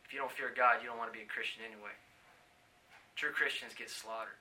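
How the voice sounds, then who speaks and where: A man preaching a sermon, swinging from hushed pleading to loud shouting. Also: mid-range voice, steady tone, quick pace, pauses often.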